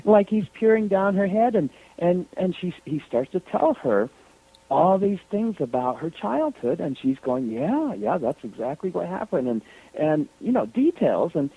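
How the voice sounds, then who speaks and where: A man tells a story on a radio call-in, his voice bouncing up and down as he goes. He sits a bit high for a man, and comes through a thin, tinny phone line. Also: husky. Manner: animated, lively retelling. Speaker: radio show guest.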